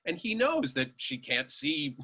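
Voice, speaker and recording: A man telling lively anecdotes as an interview guest, acting out the voices of the people he quotes and laughing along. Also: on the high side, measured pace, slightly rough. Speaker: guest storyteller.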